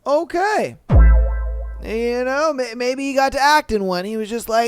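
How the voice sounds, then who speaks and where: A man's voice: very high voice, expressive, measured pace, smooth, no echo, faint music behind. A man hosting a podcast, reading listener stories aloud and reacting with laid-back, profane, joking asides. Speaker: podcast host.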